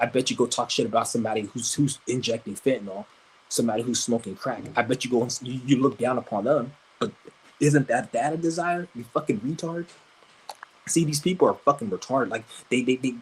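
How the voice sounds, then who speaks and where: A man's voice: medium pitch, a little hiss or hum, rough recording. A man streaming live, ranting crudely and combatively, stumbling over repeated restarts. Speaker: livestreamer. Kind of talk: angry livestream rant.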